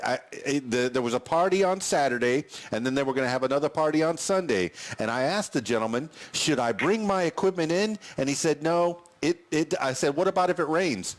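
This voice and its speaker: Rambling male podcast host. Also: mid-range voice. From Miami, Florida. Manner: rambling, hesitant with many restarts. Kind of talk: podcast interview.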